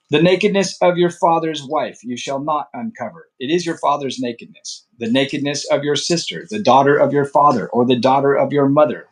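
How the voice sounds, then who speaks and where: Man reading scripture aloud, stumbling now and then. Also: mid-range voice. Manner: steady reading with occasional slips and restarts. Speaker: Bible reader.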